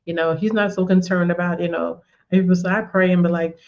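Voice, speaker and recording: A woman's voice: lowish voice, fast, few pauses, mellow, dull audio. A woman giving a conversational faith teaching, telling personal stories, repeating words and often saying "you know". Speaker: women's ministry teacher.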